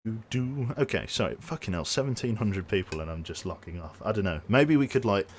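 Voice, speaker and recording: A man's voice: fairly low pitch, lively intonation, brisk, a little hiss or hum. A man with a Birmingham accent chatting casually as a game streamer, rambling and chuckling, his voice tired and strained close to giving out. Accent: Brummie (Birmingham). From Birmingham, England. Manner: rambling, self-interrupting, chuckles often. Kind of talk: casual stream sign-off chat.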